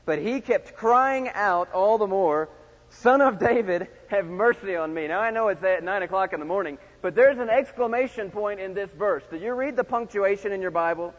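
A man's voice: sits high, lively intonation, moderate pace, few pauses. Dynamic preacher man in a reverberant church. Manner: dynamic preaching, swings from loud shouts to hushed tones. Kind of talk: sermon. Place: large church sanctuary. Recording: dull sound with long hall reverb.

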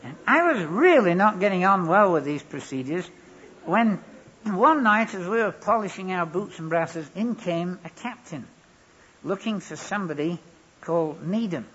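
A preacher with a husky, breathy voice that sits fairly high for a man. He delivers his sermon with a wry, anecdotal humour, and the recording sounds dull and lo-fi. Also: expressive, normal speed, fairly bright tone. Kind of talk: sermon with storytelling.

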